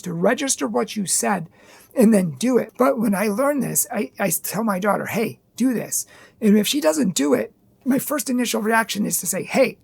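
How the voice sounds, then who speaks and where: A woman's voice: fairly high pitch, vocal fry, husky. A woman hosting a video on parenting and faith, talking earnestly and emphatically, often stacking short repeated phrases. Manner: earnest, emphatic, repetitive lists. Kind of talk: direct-to-camera advice monologue.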